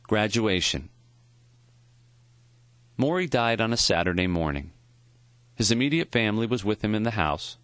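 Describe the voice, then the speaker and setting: A man quietly narrating a memoir audiobook in a measured, reflective way. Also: on the low side, lively intonation, no room sound.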